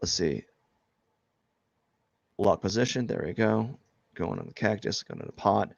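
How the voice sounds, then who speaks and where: A man's voice: fairly low pitch, lively intonation, a little slow, creaky, no echo, lo-fi sound. A man chatting casually and joking about himself while he draws on a live stream. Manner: rambling, self-deprecating, joking. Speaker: artist streaming live drawing.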